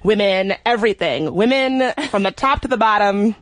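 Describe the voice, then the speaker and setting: A woman's voice: mid-range voice, moderate pace, no room sound. Chatty, enthusiastic woman podcast host. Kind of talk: casual chat.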